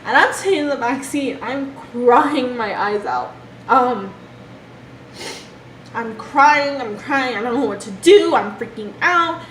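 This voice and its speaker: Young woman w/ a slightly high voice telling a hard childhood story, stops and restarts a lot, echoey noisy room. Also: expressive, a bit bright. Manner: emotional, halting retelling with restarts. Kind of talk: personal storytelling vlog. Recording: echoey room with background noise.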